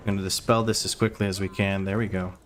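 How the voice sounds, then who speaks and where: A man's voice: low-pitched, level tone, fast talker, slight background noise. A man streaming a game, giving running play-by-play with wry asides to his chat. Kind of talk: live gameplay commentary.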